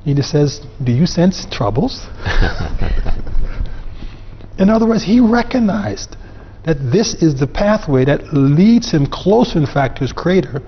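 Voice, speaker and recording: A man's voice: fairly high pitch, very animated, unhurried, long pauses, a little hiss or hum. A man speaking as a guest on a panel, explaining religious ideas earnestly and with emphasis. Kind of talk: religious discussion. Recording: dull sound with long reverb.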